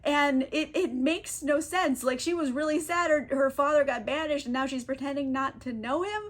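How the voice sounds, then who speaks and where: A woman with a high, bright voice tells a story in a loose, chatty way. She rambles, sounds exasperated, and keeps breaking into laughter. She talks like someone who is high. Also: moderate pace. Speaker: book reviewer. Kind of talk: casual comedic recap.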